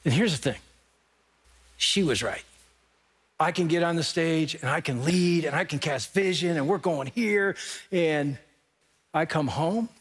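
High-voiced middle-aged pastor preaching in a hall. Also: male voice, breathy edge. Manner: animated storytelling, addressing the congregation directly. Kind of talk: sermon. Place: large church auditorium with a live audience. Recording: long reverb of a large hall.

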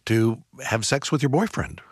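A man hosting a radio program, introducing clips in a measured, conversational way. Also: mid-range voice, dry recording. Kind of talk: broadcast hosting. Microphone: studio microphone. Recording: dry studio mic with faint music.

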